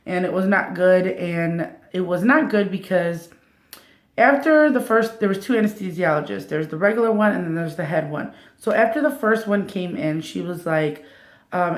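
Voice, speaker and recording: Woman in her thirties, echoey room. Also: on the low side. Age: 30s. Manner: animated retelling, acting out others' lines. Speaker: vlogger. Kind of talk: casual storytelling to camera.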